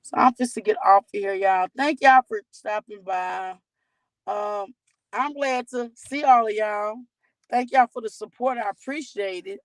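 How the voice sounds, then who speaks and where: A woman's voice: mid-range voice, measured pace, dry recording, poor audio. A woman hosting a casual livestream, talking candidly and chatting straight to her viewers. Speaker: livestream host.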